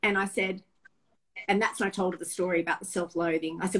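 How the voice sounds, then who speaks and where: A woman's voice: lowish voice, fairly even intonation, fast, noisy background. A middle-aged woman, a guest sharing personal stories candidly and emotionally, often restarting her sentences. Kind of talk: open personal storytelling.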